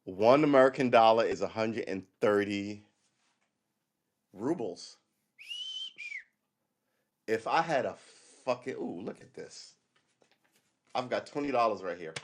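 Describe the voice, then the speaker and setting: A man's voice: on the low side, expressive, a little slow, pauses often, slight background noise. A man hosting a livestream, delivering a rambling, sarcastic political monologue with frequent profanity. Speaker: livestream host.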